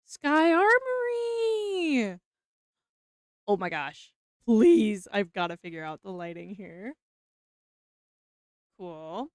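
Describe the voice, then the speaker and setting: A young woman streaming as she opens trading cards, talking casually, mumbling nervous asides and breaking into excited squeals. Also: fairly low pitch, no echo, clean studio sound. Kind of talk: casual card-opening stream chat.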